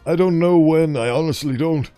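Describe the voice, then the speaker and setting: A man reading aloud voices a weary, frightened male researcher, speaking in a halting, distressed way. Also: fairly high pitch, dark tone, dry recording, soft background music, lightly acted.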